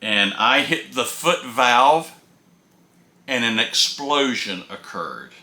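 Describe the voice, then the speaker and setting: A folksy man spins a rambling travel tale and doubles back on his words as he talks. His voice is very bright and sharp, and it rings around a roomy, echoey space. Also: mid-range voice, animated, slow. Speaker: RV traveler telling road stories. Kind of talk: casual first-person storytelling.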